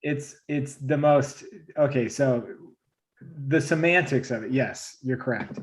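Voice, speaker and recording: A man's voice: mid-range voice, a little hiss or hum. Laughing, stammering man in casual chat. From Kansas City area. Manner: defensive, laughing, halting restarts. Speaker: illustrator panelist.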